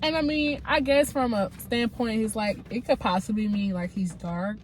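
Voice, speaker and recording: A woman's voice: on the high side, steady tone, moderate pace. A woman with a cold, congested, giving a chatty, frank recap of a reality show and talking straight to her viewers. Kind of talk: casual recap commentary.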